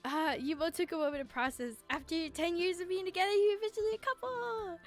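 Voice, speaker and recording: A woman's voice: extremely high pitch, moderate pace, faint music behind. A young woman streaming a romance game, reading its text aloud and reacting with teary emotion and casual swearing.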